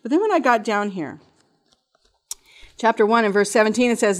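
A woman giving a spoken testimony to an audience about her time teaching in a GED lab. She tells it as an animated story, acting out the other people's voices. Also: fairly high pitch, normal speed, long pauses. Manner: lively storyteller who acts out voices and laughs.

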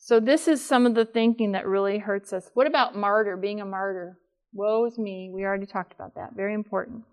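A woman's voice: medium pitch, steady tone, fast. An older woman giving a live talk to an audience in a room, chatty and asking them questions. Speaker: speaker at a workshop.

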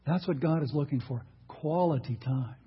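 A man's voice: on the high side, normal speed, slightly rough, highs cut off. A man preaching a sermon, emphatic, asking the congregation rhetorical questions.

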